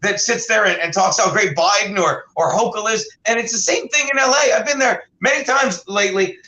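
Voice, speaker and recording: A man's voice: high voice, a little fast, pushed and bright, echoey room, rough recording. A man telling rambling, profane comic stories as a guest, laughing at his own jokes. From New York. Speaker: guest comedian.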